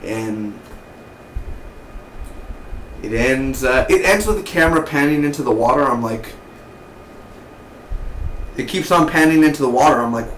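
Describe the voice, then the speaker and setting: A man giving a casual, excitable spoken TV review, full of slang and mock voices for the characters. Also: medium pitch, a little slow, pauses often, roomy sound, a little hiss or hum, low-quality recording. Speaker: TV show reviewer.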